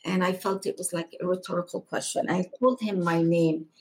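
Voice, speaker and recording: A middle-aged woman from Egypt telling a personal spiritual testimony as a guest, in a slow, halting and emotional way. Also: fairly low pitch, fairly even intonation, a little mellow, slightly rough, rough recording.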